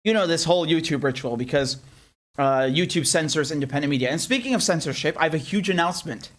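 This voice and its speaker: A young man hosting a live political commentary stream, animated and angry, swearing and joking as he talks. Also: on the high side, quick pace. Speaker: independent journalist and show host.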